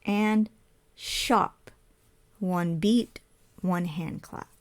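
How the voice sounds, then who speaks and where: Very slow, patient woman ESL teacher. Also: lowish voice. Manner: spells out letters, asks and answers her own questions.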